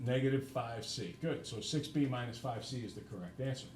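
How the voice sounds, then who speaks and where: A man's voice: mid-range voice, brisk, darkish tone. A man who teaches math, lecturing his class and then working through problems with his students.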